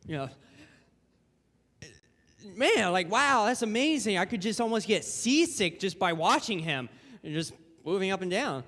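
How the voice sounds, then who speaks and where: A young man gives a relaxed, chatty sermon, his voice sitting fairly high. He talks like he's chatting with friends and slips into little acted-out quotes. A long reverb from the church sanctuary trails behind him. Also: a little slow, long pauses. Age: young adult. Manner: casual and conversational, acting out quotes. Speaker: guest preacher. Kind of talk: informal sermon.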